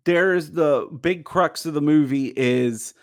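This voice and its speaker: A man's voice: on the high side, takes it slowly. A man in a casual movie discussion, talking animatedly and acting out lines in quoted voices.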